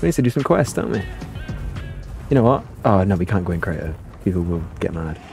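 A man's voice: on the low side, very animated, fast, creaky, over music. A young man chatting playfully through a gaming livestream and answering his viewers' chat aloud. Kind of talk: casual livestream commentary.

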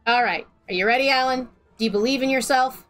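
A woman's voice: high voice, quick pace, a bit bright, soft background music. A woman streaming a game, chatting playfully and giggling with friends. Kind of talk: casual gaming chat.

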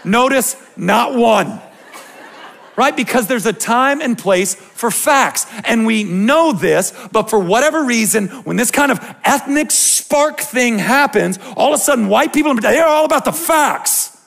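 A man in his thirties preaching to a youth group, swinging between quiet explanation and passionate ranting with jokes aimed at the crowd. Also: very high voice, animated, a little slow, gravelly. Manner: impassioned, ranting and joking with the crowd. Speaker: youth pastor. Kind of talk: sermon.

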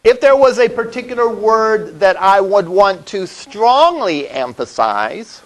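A man's voice: high voice, expressive, measured pace, poor audio. A male college instructor giving a classroom lecture, explaining step by step and often checking in with "all right?". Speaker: college web development instructor.

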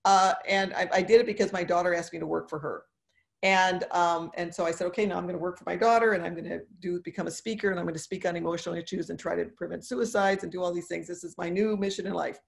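A woman's voice: on the low side, fairly even intonation, fast, vocal fry. A woman in her sixties, a dentist and speaker, talking earnestly in a podcast interview, encouraging and repeating phrases for emphasis. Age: 60s.

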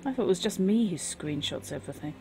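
A woman's voice: on the low side, animated, fast talker, a little mellow, slight background noise. A woman streaming a game, chatting casually and wryly over the gameplay. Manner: wry and chatty. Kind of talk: casual live game commentary.

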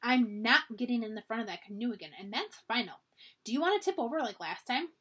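Lady reading as a stubborn little camp girl, higher and a bit breathy, storybook voice. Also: lively intonation, fairly quick. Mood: earnest. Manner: higher, brighter girlish voice. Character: stubborn, cheerful young girl at summer camp. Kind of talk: children's storybook read-aloud.

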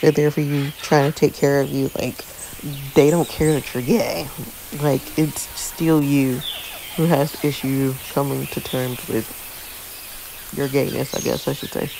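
A woman's voice: rumbling low, fairly even intonation, unhurried, vocal fry, warm tone, slight background noise, poor audio. A woman reading a story game aloud and chatting bluntly about it, swearing casually. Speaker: gameplay narrator. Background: background music.

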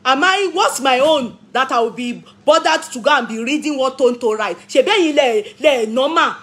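A woman's voice: high voice, animated, normal speed, a bit bright. A Nigerian woman giving opinionated vlog commentary, arguing, throwing out rhetorical questions and scolding commenters, recorded on a phone. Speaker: vlogger and commentator.

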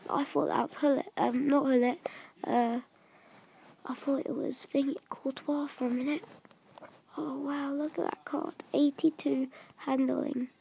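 A woman giving casual commentary while opening card packs in a video game, often dropping into soft whispers and stumbling over names. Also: high voice, fairly even intonation, measured pace, vocal fry. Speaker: gaming video creator.

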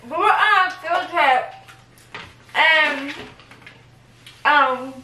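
Giggly high-voiced young woman vlogger. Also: extremely slow, sharp tone. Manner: giggly, rambling with fillers. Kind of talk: casual storytelling chat. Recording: echoey room, camera at a distance, faint noise.

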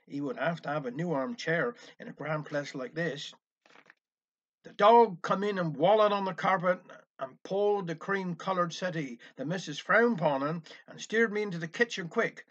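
High-voiced dialect storyteller man. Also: a bit bright. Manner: chatty folksy narration with old sayings. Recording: dull lo-fi recording.

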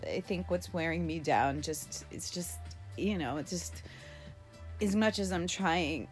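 A woman's voice: on the low side, a little slow, husky, soft background music. A middle-aged woman vlogging a casual video diary at home during quarantine, rambling and frank, swearing freely and coughing now and then.

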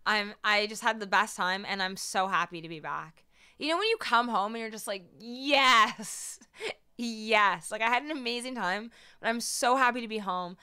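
A woman's voice: mid-range voice, pushed and bright, smooth. A woman musician livestreaming, chatting casually and bubbly with her viewers, a little tired and her voice not at full strength. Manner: bubbly, laughing, talking to chat.

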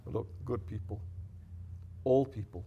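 A man giving a sermon as a sheikh, who moves between quiet, intimate reflection and loud, scolding exhortation and drops Arabic devotional phrases into his talk. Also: on the low side, measured pace, creaky, dull audio, a little hiss or hum.

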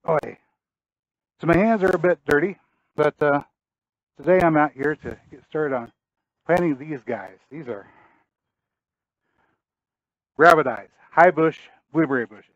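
A man's voice: on the high side, normal speed, a bit bright, dry recording, highs cut off. A man hosting a gardening vlog outdoors, a little out of breath, talking casually and thinking aloud as he plans where to plant. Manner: folksy, thinking aloud while working. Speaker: gardening channel host. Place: outdoors in a yard.

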